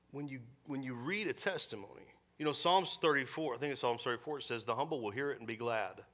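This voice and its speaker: A middle-aged man preaching a sermon as pastor, animated and mixing scripture with joking asides. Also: mid-range voice, brisk. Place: church service.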